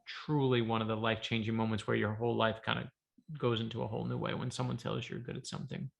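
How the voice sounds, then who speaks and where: A middle-aged author, a man, chatting as an interview guest and telling lively stories, acting out the voices of the people in them. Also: mid-range voice, quick pace, vocal fry. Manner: animated storyteller, acts out quoted voices. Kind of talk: casual interview chat.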